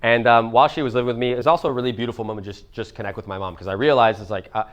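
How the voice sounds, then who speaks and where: Young guy rambling through a story fast, super clear voice, swears a lot. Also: medium pitch, fairly even intonation, highs cut off. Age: 20s. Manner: casual, rambling, profane. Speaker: motivational speaker. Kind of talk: live seminar storytelling.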